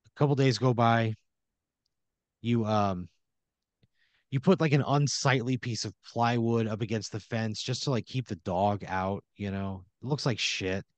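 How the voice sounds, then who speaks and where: A man's voice: lowish voice, a little slow, dry recording. A man narrating an improvised role-play scenario in a rambling, filler-heavy way.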